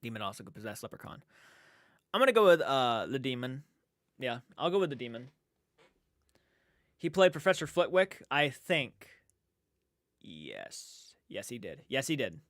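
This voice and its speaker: A man's voice: medium pitch, big pitch swings, moderate pace, long pauses, a bit bright, no echo, studio quality. A young man hosting a casual late-night livestream, reading chat aloud in a sleepy, yawning, rambling way with restarts. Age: young adult.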